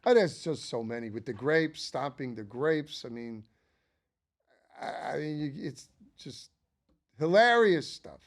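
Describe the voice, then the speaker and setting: A man's voice: a little high, expressive, a little slow. An older man hosting a casual ranking monologue, chatty and enthusiastic, rambling with frequent asides. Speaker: channel host.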